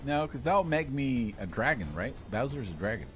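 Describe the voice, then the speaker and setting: A man hosting a live game stream, chatting playfully with viewers and bursting into loud exclamations. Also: medium pitch, sing-song, normal speed, soft background music. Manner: argues jokingly with chat. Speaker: livestream host playing a game with viewers. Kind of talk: live gaming commentary.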